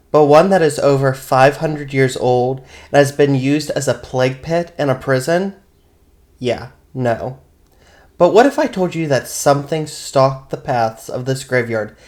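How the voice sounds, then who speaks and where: A man's voice: mid-range voice, darkish tone. A man co-hosting a podcast, casually telling a graveyard history with chatty asides. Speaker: podcast co-host and storyteller. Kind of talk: casual chat and read narration.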